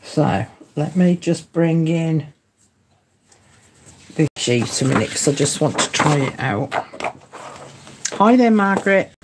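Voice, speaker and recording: Slow, chatty woman hosting a craft livestream. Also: low voice, lively intonation, noisy background. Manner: chatty, thinks aloud, greets live viewers. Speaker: craft tutorial host. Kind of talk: casual livestream tutorial.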